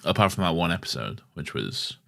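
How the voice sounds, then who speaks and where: A man's voice: low-pitched, sing-song, brisk, gravelly, pushed and bright. Blunt, teasing male podcast co-host. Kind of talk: casual chat.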